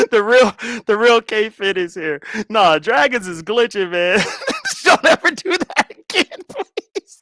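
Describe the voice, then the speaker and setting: A man in his thirties hosting a casual livestream chat, loud and animated, laughing constantly. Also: high voice, takes it slowly, pauses often, no echo, clean studio sound. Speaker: livestream host.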